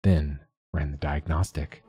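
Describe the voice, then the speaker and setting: A man narrating a short story in a steady, measured reading. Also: very deep voice, faint music behind. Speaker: podcast narrator.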